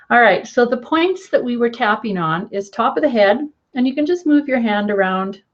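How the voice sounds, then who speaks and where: A middle-aged woman coach guiding a tapping lesson in a gentle, encouraging way, often checking in with "okay". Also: medium pitch, highs cut off.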